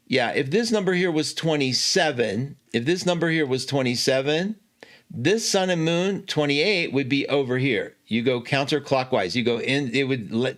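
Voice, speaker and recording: A man with a somewhat high voice explains an astrology chart in a loose, chatty way. He jumps up and down in pitch, laughs at himself, and fixes his own slips as he goes, like a host teaching from his home computer. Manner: chatty, animated, self-correcting with laughs. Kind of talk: casual teaching talk.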